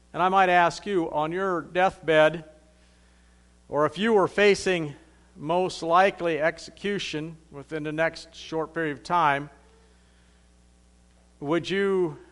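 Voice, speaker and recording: A man's voice: a little high, steady tone, takes it slowly, pauses often, a bit bright. A man preaching a sermon in a conversational, plain-spoken way, reading scripture aloud and then explaining it.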